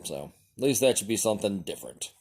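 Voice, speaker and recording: A man's voice: on the low side, big pitch swings, quick pace, a little mellow, husky. A man hosting his own video, casually talking through a test-cutting demonstration, thinking aloud and chuckling as he goes. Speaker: video host demonstrating weapons. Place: outdoors or in a workshop during a test-cutting session.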